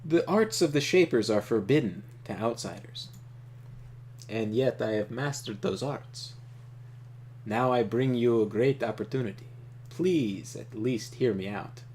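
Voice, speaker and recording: Man reading calm, commanding fantasy game leader, measured and formal. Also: mid-range voice, slight background noise, natural voice. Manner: measured, formal, read aloud with emphasis. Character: calm, powerful male leader of an invading people.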